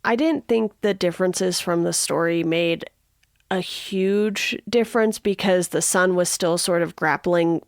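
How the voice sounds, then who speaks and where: A woman's voice: on the low side, unhurried, no echo, clean studio sound. A woman co-hosting a podcast, talking steadily and thoughtfully in a casual film discussion. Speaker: podcast co-host.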